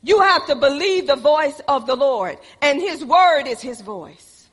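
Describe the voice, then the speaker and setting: A woman preaching a sermon who quotes scripture, asks the congregation questions and answers them herself, and builds up to shouted passages. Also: high-pitched, expressive, a little slow. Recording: long hall reverb.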